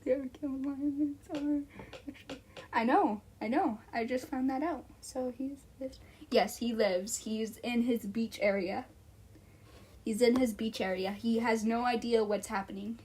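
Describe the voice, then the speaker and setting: A woman's voice: fairly high pitch, steady tone, measured pace, a little mellow, a little hiss or hum. A woman streamer reading fan fiction aloud on a live stream, giggling and breaking off into rambling asides.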